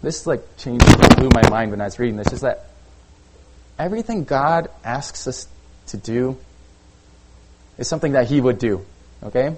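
Guy preaching a chatty sermon, lots of like and okay, normal pitch voice. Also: expressive, moderate pace, pauses often, noisy background. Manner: conversational preaching with frequent "okay?" and "like". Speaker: pastor.

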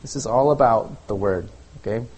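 A man preaching a sermon in a relaxed, conversational way, often checking in with "okay?" and using "like". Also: medium pitch, moderate pace, husky, low-quality recording. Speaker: pastor.

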